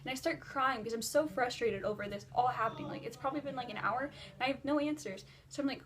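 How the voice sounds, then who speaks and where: A teenage girl vlogger telling a dream story in casual, rambling chat, filler-heavy and animated. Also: high voice, fast talker. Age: teens. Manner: breathless and animated while retelling a dream.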